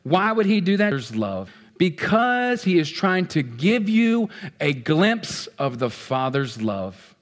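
Animated male preacher, fairly high voice. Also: slow. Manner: animated preaching, swings between loud outbursts and hushed asides; playful, acts out what people feel. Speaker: pastor. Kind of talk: sermon.

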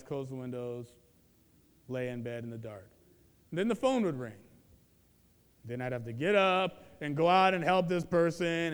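Preaching man in a reverberant hall. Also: clean tone. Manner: swings from loud emphatic proclamation to low quiet confession. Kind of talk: sermon.

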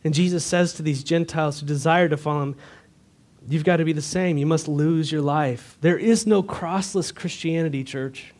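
A man's voice: a little high, moderate pace, a little mellow. A man preaching a sermon to his church, earnest and direct, asking the congregation rhetorical questions. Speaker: pastor.

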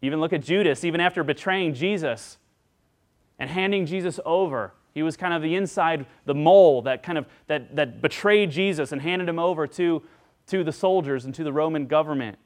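A pastor preaching a sermon to his congregation in an earnest manner, voicing the figures he quotes with rising pitch and loudness. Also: a little fast.

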